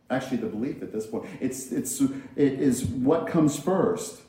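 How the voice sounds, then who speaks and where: A man's voice: mid-range voice, expressive, measured pace, few pauses, dark tone. A man giving a sermon as a minister, talking in a conversational way, repeating phrases and acting out everyday quotes. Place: large church hall. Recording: very echoey hall.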